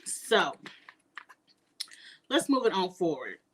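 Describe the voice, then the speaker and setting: A woman's voice: lowish voice, big pitch swings, takes it slowly, husky. A woman giving outspoken, emphatic casual commentary as a reality TV reviewer.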